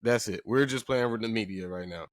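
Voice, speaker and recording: A man's voice: lowish voice, fairly quick, no echo, clean studio sound. A man hosting a sports podcast in casual talk, emphatic and repeating phrases for effect while addressing listeners directly.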